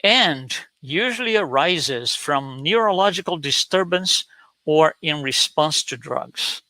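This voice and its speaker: A man's voice: a little high, expressive, slow, bright, forceful tone, no room sound, rough recording. A man presenting an online talk with slides, telling a story with many hesitations and repeated words.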